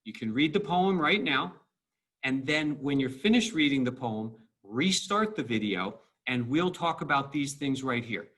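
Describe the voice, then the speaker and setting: A man's voice: medium pitch, animated, a little slow, a bit bright. Guy teaching english class on video, patient, leans hard on the beats, restarts his words a lot. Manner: explanatory, stressing syllables to show rhythm. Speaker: high school English teacher. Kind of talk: recorded video lecture.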